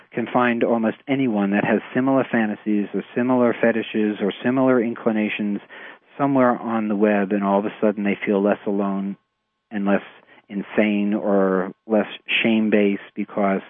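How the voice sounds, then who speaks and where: A man with a New York accent, a therapist explaining his clients' struggles in a measured, halting way with many fillers. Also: on the low side, fairly even intonation, no echo. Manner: measured, hesitant with frequent fillers. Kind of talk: explanatory radio talk. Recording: tinny phone-like radio audio.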